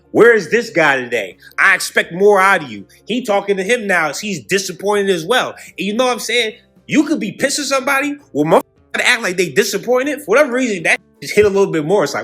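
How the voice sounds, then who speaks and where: Animated slangy man with a high voice. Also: fairly quick, slightly rough, soft background music. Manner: animated, slangy, acts out quotes in mocking voices. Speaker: online commentator. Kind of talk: comedic political commentary.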